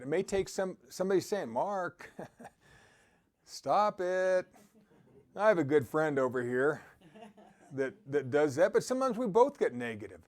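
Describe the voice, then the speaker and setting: A man giving an upbeat motivational talk who exhorts his listeners and often laughs. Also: sits high. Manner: quotes scripture. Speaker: motivational speaker.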